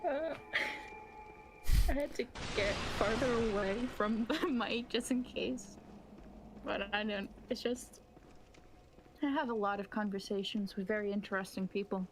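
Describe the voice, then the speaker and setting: A woman's voice: mid-range voice, a little slow, pauses often, a little hiss or hum. Joking woman co-commentating a game. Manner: joking, giggly, teasing. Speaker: co-commentator on a let's play. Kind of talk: casual gaming chat.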